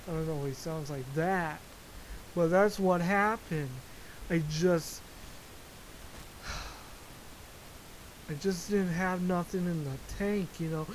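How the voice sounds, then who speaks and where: Slow-talking, profane comedic podcast host. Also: mid-range voice, slight background noise, rough recording. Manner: profane, exaggerated, jokey asides. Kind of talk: comedic solo rant. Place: lives in Florida.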